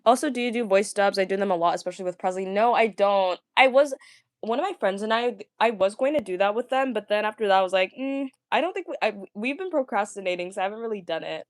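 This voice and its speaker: A young woman talking casually, ranting to viewers, stammering and repeating words, with a fairly deep voice for a woman. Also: fast talker, dry recording, studio quality. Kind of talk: casual rant.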